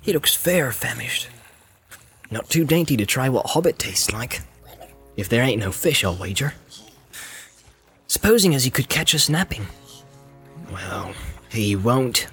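A wary, rustic hobbit servant, as a narrator puts him on, muttering suspicions under his breath. His voice stays at an ordinary middle pitch, plain and homely. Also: lively intonation, measured pace, long pauses, fairly bright tone, soft background music. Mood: grumbling. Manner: rustic, grumbling to himself. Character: wary, stout-hearted male hobbit servant, rustic and grumbling.

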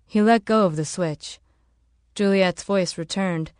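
Steady woman narrating an audiobook. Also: mid-range voice, measured pace, no echo, clean studio sound.

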